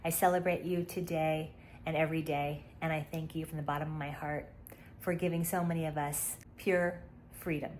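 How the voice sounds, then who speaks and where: A woman's voice: deep voice, level tone, moderate pace, a little mellow, a little hiss or hum. A woman giving an earnest, stately birthday tribute to a friend she has loved for years.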